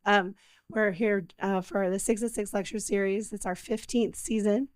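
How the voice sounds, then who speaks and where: Hoarse woman introducing a lecturer. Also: medium pitch, fairly even intonation, no room sound, low-quality recording. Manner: halting, with frequent fillers. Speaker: lecture series host. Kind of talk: introducing a speaker. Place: event space with a live audience. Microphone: microphone.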